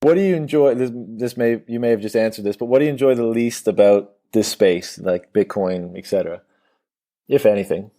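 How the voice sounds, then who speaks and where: Mellow-voiced man hosting an interview. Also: fairly low pitch. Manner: loose, halting questions with fillers. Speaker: podcast host. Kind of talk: casual interview chat.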